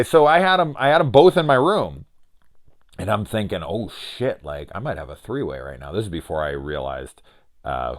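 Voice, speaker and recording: A young man reviewing a horror film in casual chat, swearing freely and trailing into restarts as he rambles into a personal story. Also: sits low.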